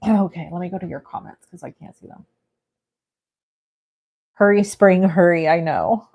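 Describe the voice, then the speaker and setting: Speaking at a normal speed in a lowish, slightly mellow voice, this Californian woman runs a casual card-making livestream. She talks through her work out loud and responds to comments from viewers.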